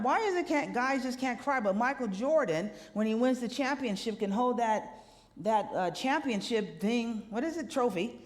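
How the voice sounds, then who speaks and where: A woman minister giving a lively, conversational sermon, often checking in with the congregation with a quick "right?". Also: a little high. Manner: animated, conversational preaching with rhetorical "right?" asides. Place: church sanctuary. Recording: long hall reverb.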